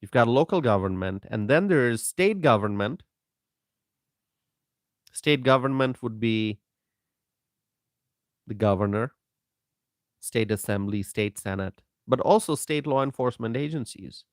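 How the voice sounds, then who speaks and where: A man hosting a political commentary live stream, talking in a slow, emphatic way, repeating himself and greeting viewers by name. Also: medium pitch, lively intonation, dry recording, clean studio sound.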